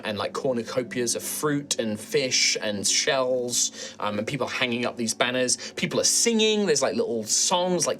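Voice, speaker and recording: A man's voice: medium pitch, fairly bright tone. A man narrating a tabletop game as game master, rambling with many fillers as he describes the scene.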